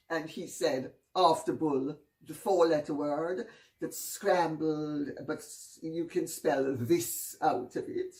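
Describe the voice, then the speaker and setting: A woman's voice: sits low, fairly even intonation, darkish tone. A woman hosting her own channel, telling anecdotes in a wry, gossipy manner. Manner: gossipy, wry, drawn-out phrasing. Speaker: host. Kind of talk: casual storytelling commentary. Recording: roomy, distant mic.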